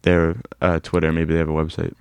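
A man co-hosting a casual chat, laid-back and teasing, with short quick reactions. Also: a bass voice, monotone, darkish tone, clear, resonant tone, dry recording.

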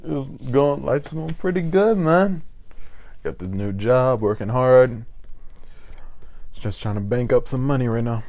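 A man's voice: medium pitch, unhurried, vocal fry, long pauses, darkish tone, no room sound. A young man co-hosting a podcast in casual chat, laid-back and laughing often. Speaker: podcast co-host.

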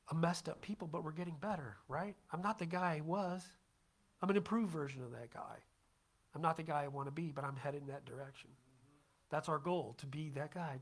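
A man's voice: fairly high pitch, a bit bright. A man preaching a casual, conversational sermon as pastor, chatty and self-deprecating, often checking in with his congregation.

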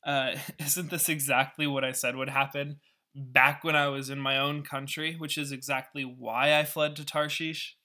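A man's voice: medium pitch, fairly even intonation, moderate pace, bright, forceful tone. A man voicing an exasperated, sarcastic male prophet who is furious and pleading, in a spoken Bible retelling.

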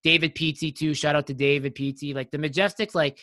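Animated, profane male storyteller. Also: on the high side, a little fast, no room sound, studio quality. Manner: animated, profane storytelling, acting out other people's voices. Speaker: guest, airline pilot. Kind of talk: casual podcast chat.

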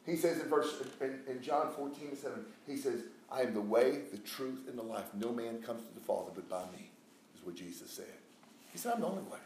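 A man preaching a sermon, swinging from loud calls down to near whispers. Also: mid-range voice, expressive, fairly quick. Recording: echoey room with faint noise.

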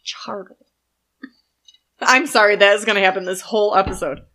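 A woman's voice: medium pitch, fast talker, pushed and bright. A woman podcast host presenting a history segment casually, stumbling over foreign names. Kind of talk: casual chat.

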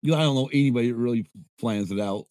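A man's voice: medium pitch, very fast, darkish tone, no echo, studio quality. A middle-aged man co-hosting a casual livestream podcast from home, joking, swearing and rambling. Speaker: podcast co-host. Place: home at night with fireworks outside.

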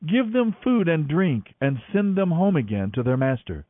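Firm old prophet giving orders, man reading it, bit higher voice, tinny radio. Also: very animated, moderate pace, dry recording. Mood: commanding. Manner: firm, reassuring commands. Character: calm, authoritative old male prophet. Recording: narrow phone-like radio sound.

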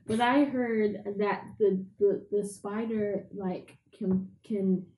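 A woman's voice: medium pitch, fairly even intonation, slow pace, mellow, slight background noise. A woman co-hosting a podcast, chatting casually and hesitantly, with many fillers and restarts. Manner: hesitant, full of fillers and restarts, laughs easily. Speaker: podcast co-host. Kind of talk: casual chat. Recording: echoey room.

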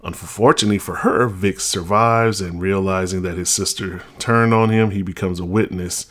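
Male podcast host with a deep voice who gives opinionated, casual reviews. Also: fairly even intonation, normal speed, fairly bright tone. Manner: blunt, opinionated, chatty.

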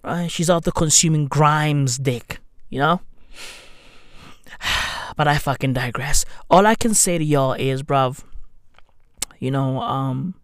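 Slow, slangy man ranting. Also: on the high side, no room sound, studio quality. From London. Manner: slangy, sardonic rant with mock apologies. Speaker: comedian and podcaster. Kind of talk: profane comedic monologue. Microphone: new studio microphone.

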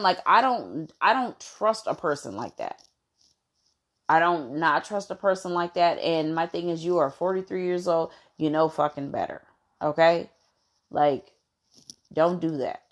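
A woman vlogger telling a story to her viewers in a casual, animated way, blunt and full of swearing, with lots of "you know". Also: on the low side.

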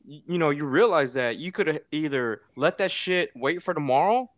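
A man's voice: fairly high pitch, expressive, normal speed, no room sound, clean studio sound. A man chatting casually as a podcast co-host, emphatic and profane. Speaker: podcast co-host, former military recruiter. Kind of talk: casual chat.

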